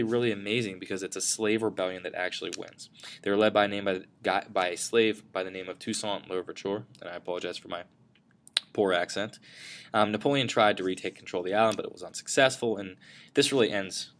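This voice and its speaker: A man's voice: fairly low pitch, fairly bright tone. A man teaching a history lesson over slides, in a casual way with frequent fillers and self-corrections.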